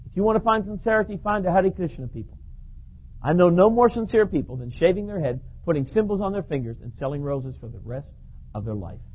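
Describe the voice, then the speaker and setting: Husky high-voiced male preacher. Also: brisk. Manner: storytelling, repeats himself, animated. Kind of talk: sermon. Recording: dull lo-fi recording.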